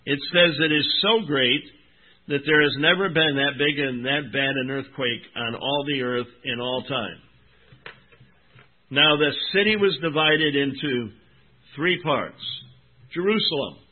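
A man preaching a sermon, reading scripture with emphatic, drawn-out stresses and calling his listeners "my friend" and "folks.". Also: medium pitch. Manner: emphatic, drawn-out Bible reading, rising and dropping in volume. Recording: tinny phone-like recording.

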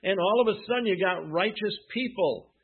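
Husky high-voiced preacher on a tinny line. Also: male voice, fairly quick. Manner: emphatic, rhetorical questions and answers. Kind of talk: sermon. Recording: tinny phone-like sound.

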